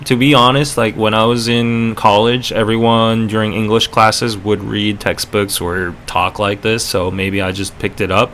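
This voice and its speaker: A man's voice: on the low side, steady tone, moderate pace, few pauses, a bit bright, a little hiss or hum. Chatty North American-accented male host. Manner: rambling, chatty, filler-heavy. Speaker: podcast host. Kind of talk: casual livestream chat.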